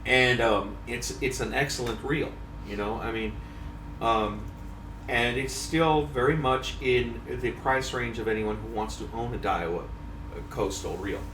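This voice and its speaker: A man chatting casually as a fishing magazine editor at a trade show, talking in a relaxed storytelling way with hesitant pauses. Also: medium pitch, slight background noise. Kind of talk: casual chat. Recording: echoey, distant mic.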